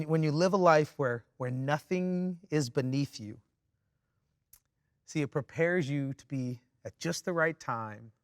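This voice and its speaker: A man's voice: a little high, no echo, studio quality. A man preaching a sermon, telling stories with wry humor and starting his points with "see.". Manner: animated storytelling, opens points with "see"; wry, self-mocking humor. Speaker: pastor.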